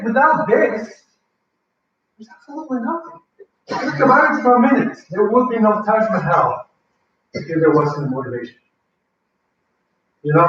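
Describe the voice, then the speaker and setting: A man's voice: sits high, fairly bright tone, a little hiss or hum. A man presenting a language-learning workshop to a live audience, talking conversationally and often asking the audience questions. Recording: echoey, dull, mic far away.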